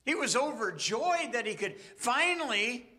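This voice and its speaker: A male pastor preaching a sermon, retelling a story earnestly with dramatic pauses. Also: very high voice, big pitch swings, bright, forceful tone.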